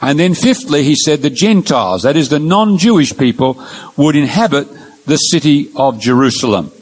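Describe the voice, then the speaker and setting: A man with a fairly high, animated voice that carries a breathy edge gives a Bible lecture, working through numbered points while indicating pictures on his slides. His delivery is measured and earnest, leaning on key words for emphasis, and the recording quality is low.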